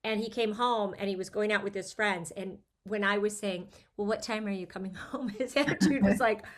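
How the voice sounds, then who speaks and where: A woman's voice: medium pitch, fairly even intonation, moderate pace, a bit bright. Middle-aged woman, podcast guest, candid and emotional, video call audio. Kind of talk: casual chat.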